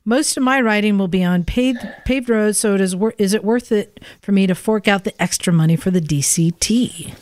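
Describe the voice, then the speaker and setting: A woman co-hosting a casual podcast, reading a listener's email aloud with brisk, joking asides. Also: medium pitch, darkish tone, no echo, clean studio sound. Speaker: podcast co-host.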